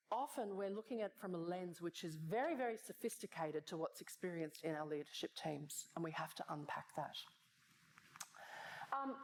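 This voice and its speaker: A woman speaker giving a conversational keynote talk at a conference, tossing in rhetorical questions. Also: on the low side. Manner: animated, conversational, frequent rhetorical "right?". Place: conference stage.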